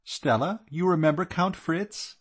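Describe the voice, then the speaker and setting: A man's voice: on the high side, a little slow, pitched above the performer's own voice. A man voicing a gushing, effusive middle-aged society woman in an audiobook.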